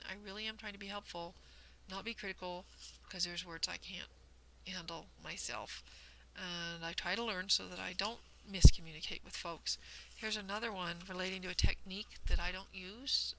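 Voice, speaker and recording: Woman, vlog host, very creaky gravelly voice, careful patient explaining, self-deprecating, casual chat. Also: mid-range voice, fairly bright tone, a little hiss or hum, low-quality recording. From United States. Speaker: host of a cross-stitch vlog.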